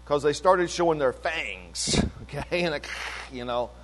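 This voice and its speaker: An older man preaching with a lively, rising and falling delivery, his voice pitched a little high. He retells a story in a repetitive way, climbing to emphatic peaks and sinking to quiet asides. His words hang in the long reverb of a large hall. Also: a little slow. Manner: animated, swings between emphatic peaks and low asides. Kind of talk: sermon-style testimony.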